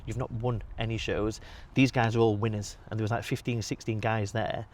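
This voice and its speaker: Young guy rattling off gym stories quick, lowish voice, swears a lot, bit of hiss behind. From England. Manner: swears freely, animated storytelling. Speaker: podcast guest, bodybuilder. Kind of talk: casual storytelling.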